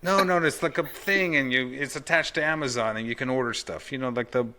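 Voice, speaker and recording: A man's voice: mid-range voice, a little fast, background noise. A man hosting a podcast over a video call, talking in a loose, rambling way and calling his guest "dude" constantly. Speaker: podcast host. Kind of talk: casual chat.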